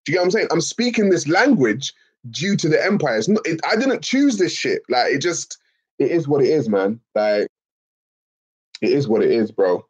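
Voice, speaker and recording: A man's voice: a little high, very animated, normal speed, slightly rough, poor audio. A man with a Liverpool accent hosting a casual livestream, answering chat messages in a slangy, emphatic way and calling people bro and man. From England. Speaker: live stream host reading chat.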